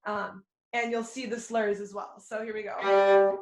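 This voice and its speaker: A woman's voice: mid-range voice, level tone, a little slow, faint music behind. Woman fiddle teacher, echoey room. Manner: friendly explaining, counts rhythms aloud. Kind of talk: online music lesson.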